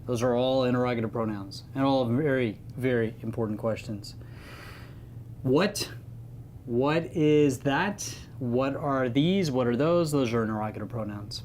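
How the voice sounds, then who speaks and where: A man's voice: medium pitch, slow, pauses often, darkish tone, slight background noise. A man giving an informal Latin grammar lesson, chatty and playful, leaning on the key words. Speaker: Latin teacher.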